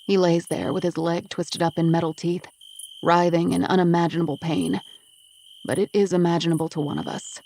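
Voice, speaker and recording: Low gravelly woman reading an audiobook. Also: level tone, fairly quick, warm tone, slight background noise. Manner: intense, emotional reading. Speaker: audiobook narrator. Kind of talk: first-person audiobook narration.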